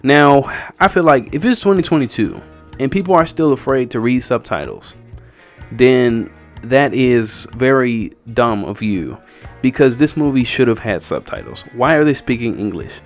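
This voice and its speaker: A man's voice: medium pitch, expressive, moderate pace, faint music behind. Blunt, sarcastic male film reviewer. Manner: blunt, sarcastic, exasperated critique. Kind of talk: casual opinionated commentary.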